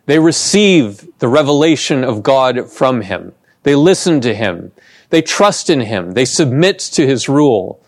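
A man preaching a sermon, slow and deliberate, with emphatic pauses on key words. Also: medium pitch, animated, no room sound. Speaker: pastor.

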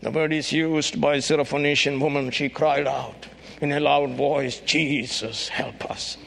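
A man preaching a sermon, emphatic and rising to shouts on key phrases. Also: fairly high pitch, flat delivery, normal speed, creaky, slight background noise.

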